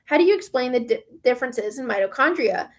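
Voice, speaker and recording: A woman's voice: fairly high pitch, expressive, fast, natural voice. A woman reading aloud the lines of a stern, dismissive female scientist, scornful and argumentative.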